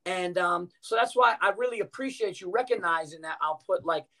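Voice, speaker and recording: A middle-aged man with a fairly high voice chats on a podcast as a guest comedian. He tells stories in an animated way and swears freely. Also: brisk. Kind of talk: casual podcast chat.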